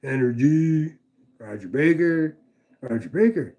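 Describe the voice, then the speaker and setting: Gravelly casual knife-review streamer man. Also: mid-range voice, lively intonation, a little slow, pauses often, a little mellow, muffled recording. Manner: rambling, profane, chatty with viewers. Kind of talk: casual livestream chat.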